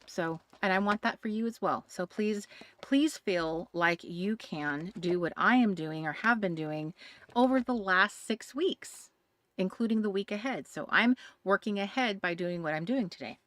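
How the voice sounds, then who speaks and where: A woman's voice: medium pitch, animated, normal speed, a bit bright, no echo. A woman hosting a live craft stream, chatting casually and greeting viewers by name, with many fillers. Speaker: craft livestream host. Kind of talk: casual livestream chat.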